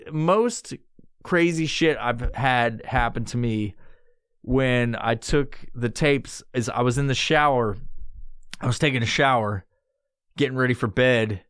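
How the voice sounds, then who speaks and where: A man's voice: medium pitch, clear, resonant tone, no room sound, clean studio sound. A man hosting a podcast, telling a casual story full of swearing and acted-out quotes. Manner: profane, animated, acts out quotes. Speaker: podcast host.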